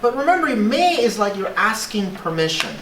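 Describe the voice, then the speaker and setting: An animated teacher leads a classroom lesson, the pitch rising and falling constantly. The voice keeps checking in with the students. It sits at a distance from the mic in a reverberant room. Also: moderate pace. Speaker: English teacher. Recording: echoey room, voice from far off, faint hiss.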